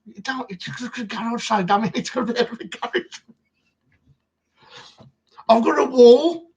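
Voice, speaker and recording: A man's voice: very high voice, normal speed, creaky, a little mellow, slightly rough. A man with a Black Country accent, from Birmingham, co-hosting a casual live stream and chatting through anecdotes. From Birmingham, England. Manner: chatty, tells anecdotes with quoted voices. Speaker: co-host of a history live stream.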